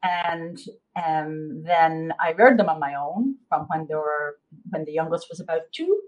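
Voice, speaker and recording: A middle-aged Irish woman, appearing as a guest therapist, chats freely in a casual interview, with many fillers and restarts. Her voice is low-pitched and measured in pace, and the recording has its highs cut off.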